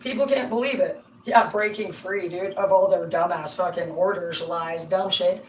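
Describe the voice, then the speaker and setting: A middle-aged woman giving a casual, rambling tarot reading on a livestream. She talks excitably and swears constantly. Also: fairly low pitch, normal speed. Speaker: tarot card reader. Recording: roomy sound from a distance, faint hum.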